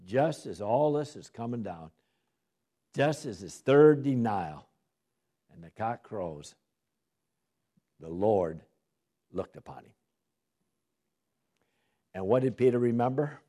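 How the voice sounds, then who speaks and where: A man leads a Bible study in a husky voice that swings widely in pitch. He reads old scripture verses with dramatic emphasis and stops to quiz his listeners with questions. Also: lively intonation, slow, pauses often, warm tone. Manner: asks the class rhetorical questions. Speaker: Bible teacher.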